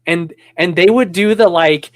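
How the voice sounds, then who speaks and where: A man's voice: high-pitched, unhurried. A man hosting a casual conversation who tells stories with animation, rambles with restarts, and acts out the voices he quotes. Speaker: podcast host.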